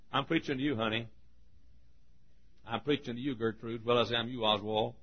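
An older man preaching a sermon in a folksy way, laughing often and shouting for emphasis. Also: medium pitch, steady tone, normal speed, slight background noise. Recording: muffled old sermon tape.

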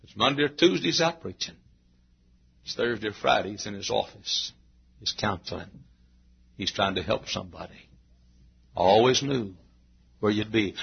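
A man preaching a sermon to his church, repeating phrases and rising into shouted climaxes. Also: fairly low pitch, expressive, normal speed, vocal fry, long pauses, breathy edge. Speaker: pastor. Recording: dull lo-fi sermon recording.

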